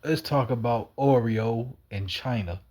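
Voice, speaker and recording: A man's voice: medium pitch, measured pace, a little mellow. A man in a rambling, wandering monologue, repeating himself and swearing casually. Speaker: cat feeder.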